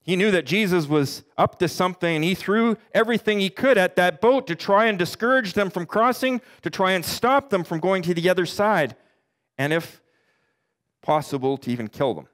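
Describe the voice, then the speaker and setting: A middle-aged pastor preaching a sermon earnestly, his voice climbing for emphasis and sinking low for the darker points. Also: a bit bright. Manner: earnest preaching, rising and dropping in pitch for emphasis; quotes scripture in slow deliberate voice.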